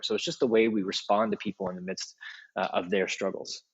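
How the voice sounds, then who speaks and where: Man, middle-aged, husky, low voice, dull lo-fi sound, casual podcast guest. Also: a little fast. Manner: animated, acts out quoted voices in stories. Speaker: podcast guest, leadership speaker. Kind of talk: casual interview storytelling.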